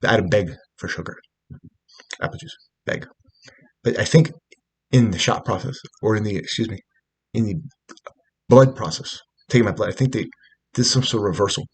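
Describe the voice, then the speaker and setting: A man's voice: on the low side, animated, normal speed, vocal fry, breathy edge. A man telling a rambling personal story, agitated and profane, with many fillers and asides. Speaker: storyteller recounting personal events. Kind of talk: rambling spoken monologue.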